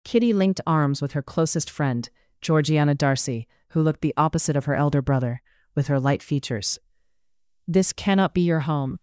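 Smooth, clear audiobook narrator. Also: mid-range voice, moderate pace, a little mellow, no room sound, studio quality. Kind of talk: scripted narration.

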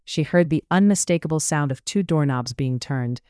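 An audiobook narrator reading a period novel in a measured, even storytelling manner, recorded on a studio microphone. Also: mid-range voice, clean tone, no echo. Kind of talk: scripted narration.

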